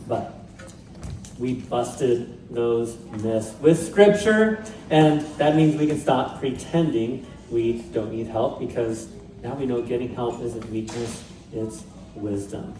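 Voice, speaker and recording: Man preaching, mellow tone, conversational with light humor, echoey sanctuary, distant mic. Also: mid-range voice, takes it slowly, a little hiss or hum. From Pacific Northwest, USA. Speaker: pastor. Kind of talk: sermon. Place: church sanctuary. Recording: roomy church sound from a distant mic.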